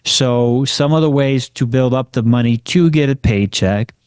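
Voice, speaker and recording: A man's voice: mid-range voice, unhurried, a little mellow, smooth, dry recording. A man co-hosting a finance podcast, talking confidently and often checking in with "right?". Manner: confident, tags questions with "right?". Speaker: podcast co-host, financial advisor. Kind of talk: casual explanatory talk.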